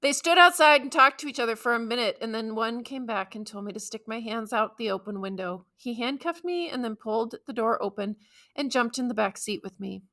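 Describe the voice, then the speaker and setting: Bright-toned woman reading an audiobook. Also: on the high side, fairly quick. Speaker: audiobook narrator. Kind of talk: scripted first-person audiobook narration.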